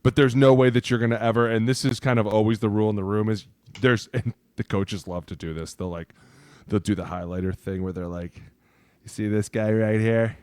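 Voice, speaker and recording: A man's voice: lowish voice, a little fast, clean tone, no echo, studio quality. A middle-aged man, a former football lineman, chatting casually and acting out quotes in his stories. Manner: animated storyteller, acts out quotes, says "right?" a lot. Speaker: podcast guest, former NFL offensive lineman. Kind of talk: casual sports chat.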